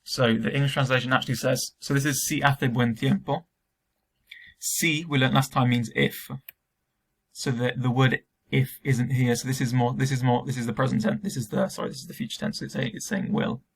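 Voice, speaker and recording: A man's voice: mid-range voice, flat delivery, brisk, gravelly, breathy edge. A man teaching a recorded remote Spanish lesson to school students, explaining step by step with frequent ums.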